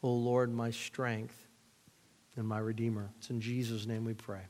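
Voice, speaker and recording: A man's voice: mid-range voice, little pitch movement, measured pace, darkish tone. Pastor, man, echoing church hall. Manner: plain-spoken, jokey asides between readings. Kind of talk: sermon with scripture reading and prayer. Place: church sanctuary. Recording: reverberant hall.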